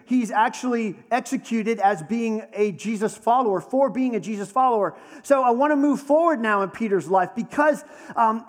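A man preaching a sermon in a conversational storytelling manner, slowing down for dramatic pauses. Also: very high-pitched, long reverb tail. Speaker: pastor.

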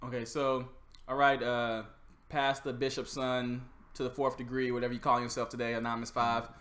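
A man's voice: mid-range voice, level tone, fairly quick, a bit bright. A man in casual chat, joking but hesitant, often searching for words.

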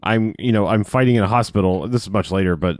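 A man's voice: fairly low pitch, fast, a little mellow, no room sound, studio quality. A man co-hosting a podcast, talking through a movie in a rambling, wry, casual way. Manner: rambling, full of fillers and restarts, wry. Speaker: podcast co-host. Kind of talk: casual movie recap chat.

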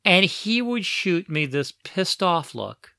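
A man telling stories about raising his child, animated and full of restarts, acting out quoted voices. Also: sits high, takes it slowly, creaky, no echo, studio quality. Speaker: parent telling family stories. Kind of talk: casual storytelling conversation.

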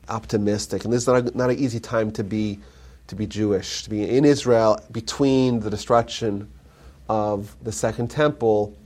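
A man giving a live lecture on Jewish history, retelling stories with animated emphasis and frequent restarts, in a community centre lecture room. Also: on the low side.

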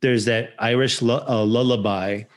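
A man's voice: mid-range voice, steady tone, normal speed. A man from Chicago co-hosting a casual podcast, telling loose stories with the odd swear. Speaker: podcast co-host. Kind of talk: casual chat.

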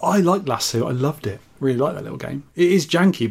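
Man, podcast co-host, quick rambling delivery, jokey, self-deprecating. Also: medium pitch, lively intonation, gravelly, husky. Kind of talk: casual chat, reading listener messages.

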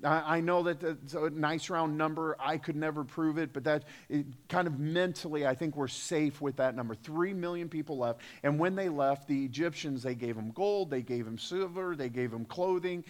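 Guy preaching in church, asks the crowd questions, kinda high voice. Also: normal speed, few pauses. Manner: emphatic preaching with rhetorical questions and repetition. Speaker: pastor. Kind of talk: sermon. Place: church sanctuary.

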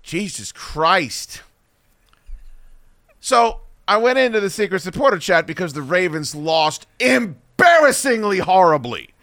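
A man's voice: high voice, big pitch swings, normal speed, hardly any pauses, fairly bright tone, no echo, clean studio sound. A man hosting a podcast, chatting casually and telling ranting, profane, mocking stories. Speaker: podcast host. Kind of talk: casual chat.

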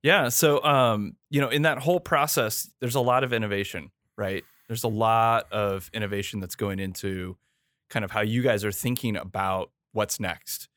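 Low-voiced male podcast host. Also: fairly even intonation, normal speed, fairly bright tone, dry recording, clean studio sound. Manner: encouraging, asks open questions. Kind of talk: casual podcast interview.

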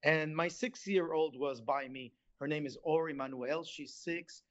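Man in his forties, measured storyteller, slightly high voice, muffled lo-fi sound. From Israel. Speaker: interview guest. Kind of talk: calm storytelling. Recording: muffled lo-fi audio.

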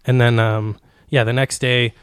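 A man's voice: medium pitch, little pitch movement, a little slow, clear, resonant tone, no echo, clean studio sound. A man casually telling a long rambling story on a podcast, cursing freely and laughing as he goes. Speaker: podcast host.

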